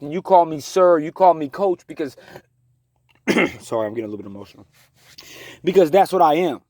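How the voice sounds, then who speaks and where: A man's voice: a little high, a little mellow, dry recording. A man in his thirties giving a heated, rambling personal monologue as a talk show host, with many restarts. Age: 30s. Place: living in his car in the woods.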